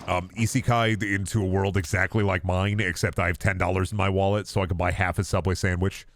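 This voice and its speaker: A man's voice: deep voice, flat delivery, brisk, no room sound. A man streaming a video game, chatting casually in a rambling, joking, self-deprecating way. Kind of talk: casual gaming stream commentary.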